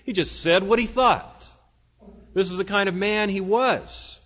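A pastor with a high-pitched voice preaches at a moderate pace, folksy and conversational, tossing asides to his congregation. His tone is fairly bright, but the recording sounds dull and lo-fi, with a long echo from a large hall.

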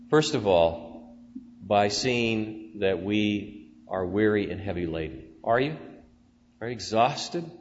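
A man preaching a sermon as pastor, rising to loud emphatic declarations and dropping to soft prayerful tones. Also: on the low side. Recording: dull sound with long church reverb and faint hum.

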